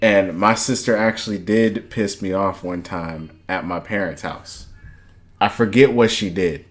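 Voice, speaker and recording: Low-voiced man chatting casually. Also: unhurried. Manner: casual, slangy, reacting aloud. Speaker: reaction channel host. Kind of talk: casual chat.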